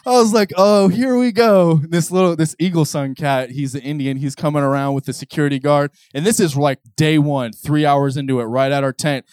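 A man preaching a sermon and telling personal stories, swinging between hushed intensity and loud exclamation. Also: medium pitch, steady tone, fairly quick, hardly any pauses, smooth, dry recording.

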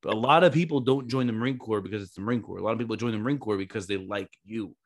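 A lower-pitched man hosts a podcast in casual talk. He is animated and swears freely, stringing his stories together in long run-on stretches. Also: rapid-fire. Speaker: podcast host, former Marine recruiter. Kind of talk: casual chat.

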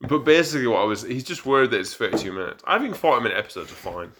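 A man's voice: medium pitch, sing-song, very fast, noisy background. A young man co-hosting a podcast in casual chat, tipsy from drinking and rambling with stumbling restarts. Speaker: podcast co-host.

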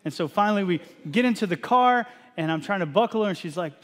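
A man in his thirties from Texas, a pastor preaching a sermon and telling an animated, self-deprecating family story. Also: sits high, fast talker. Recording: long hall reverb.

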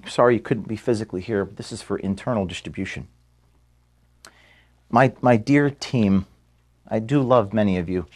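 A man giving a farewell address to his staff, filmed in an office room. He is close to tears and halting, and he stops to apologize as he speaks. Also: on the low side, a little mellow. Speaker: organization founder giving a farewell speech to staff.

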